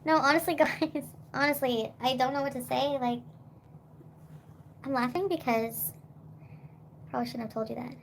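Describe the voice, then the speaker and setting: A woman's voice: high-pitched, moderate pace, creaky, long pauses, a little hiss or hum. A young woman livestreaming, rambling in casual chat with lots of "like" and swearing.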